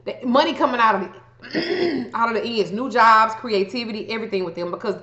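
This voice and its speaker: A woman's voice: a little high, brisk, sharp tone. A woman giving astrology advice in a blunt, profane, casual rant. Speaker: astrology vlogger. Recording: echoey room, dull lo-fi sound.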